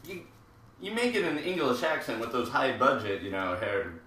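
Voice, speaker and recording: Very animated and medium-pitched, a hairdresser in his thirties keeps up rambling, jokey chatter at a moderate pace as he hosts a live haircutting show. His tone is pushed and bright, and there is a little hiss or hum in the roomy, distant recording.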